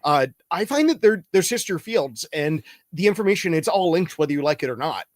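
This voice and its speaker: A man's voice: on the high side, very animated, fairly quick, no echo, studio quality. A man hosting a casual interview over a video call. He sounds upbeat and laughs easily. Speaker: host.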